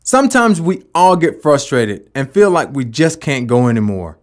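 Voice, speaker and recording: A man's voice: mid-range voice, sing-song, moderate pace. A man giving a motivational talk about never giving up, with emphatic delivery and rhetorical questions. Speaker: motivational speaker.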